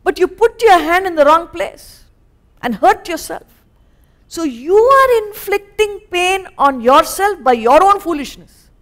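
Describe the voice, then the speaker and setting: A woman with an Indian English accent teaching scripture as a spiritual teacher, animated and acting out little scenes. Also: extremely high pitch, a little slow. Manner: animated, acts out little scenes in quoted voices. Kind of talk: lecture on scripture. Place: lecture hall.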